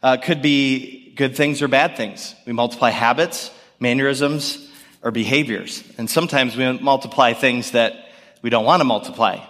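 Man, pastor, earnest sermon storytelling, gentle pauses, mid-pitched voice, long church reverb. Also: fairly even intonation. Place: church sanctuary.

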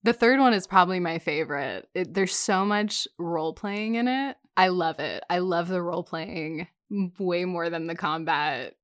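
A woman's voice: fairly low pitch, moderate pace, few pauses, no room sound, studio quality. A woman co-hosting a tabletop gaming podcast, enthusiastic and giggly in casual chat. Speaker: podcast co-host.

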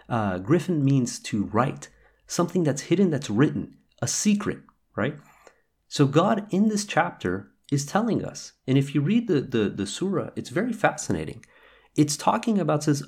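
A man's voice: mid-range voice, darkish tone, husky. A man hosting a podcast, earnestly explaining scripture and reading verses aloud. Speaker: podcast host. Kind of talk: religious teaching talk.

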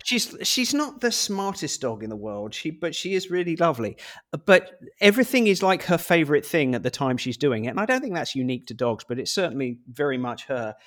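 An Englishman co-hosting a podcast, teasing his partner in a loose, playful chat. His voice sits a little high for a man and rises and falls a lot. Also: big pitch swings, a little fast, a bit bright. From England. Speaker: podcast co-host. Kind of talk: casual chat.

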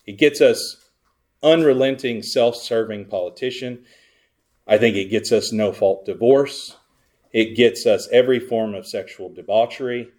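Pastor guy mid sermon, sarcastic, keeps quizzing the crowd, goes loud then drops real quiet. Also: mid-range voice. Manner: sarcastic, rhetorical questions to the congregation; wide swings between loud emphasis and quiet asides.

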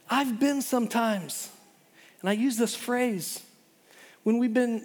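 A middle-aged man preaching a sermon in an animated way, often repeating words and restarting. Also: extremely high pitch, slow, pauses often. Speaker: pastor. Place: church hall. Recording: long hall reverb.

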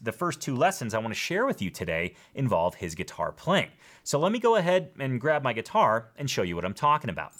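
A man giving a casual guitar lesson, explaining technique in a relaxed, conversational way and counting beats aloud. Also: on the low side. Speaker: guitar teacher.

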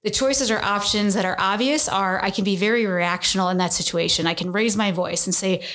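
A woman's voice: medium pitch, a little fast, fairly bright tone. A woman in her thirties, a podcast guest, explains things earnestly in a casual interview and often checks in with "right?".

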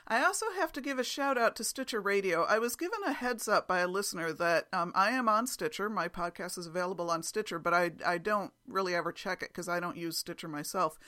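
Woman, solo podcast host, bright voice, chatty, self-deprecating, laughs a lot. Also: medium pitch. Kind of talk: casual solo podcast chat.

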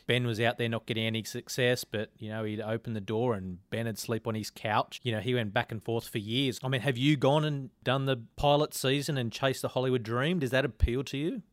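A man interviewing an actor in a relaxed, conversational way. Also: mid-range voice, a little fast, few pauses, no room sound, studio quality. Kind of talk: casual interview questions.

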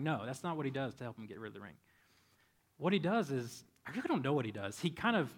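A man preaching a sermon as pastor, conversational and storytelling, softening into prayer. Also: mid-range voice, quick pace. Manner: conversational, animated when storytelling, soft when praying. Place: church. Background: faint band music.

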